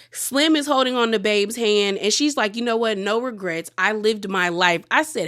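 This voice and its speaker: A woman's voice: mid-range voice, lively intonation, moderate pace, a bit bright. A woman recapping a TV episode in a casual, chatty way, full of "like" and sassy asides. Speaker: TV recap host.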